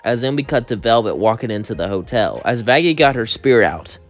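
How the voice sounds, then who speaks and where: A man's voice: mid-range voice, lively intonation, fairly quick, faint music behind. A man casually narrating a cartoon fan story in rambling, run-on sentences.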